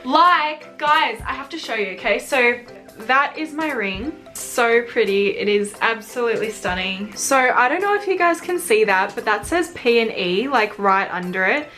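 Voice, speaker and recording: A young woman answering questions in a casual vlog, chatty and quick to giggle, with lots of fillers. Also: a little high, animated, pushed and bright, soft background music. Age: young adult. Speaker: vlogger. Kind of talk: casual couple Q&A.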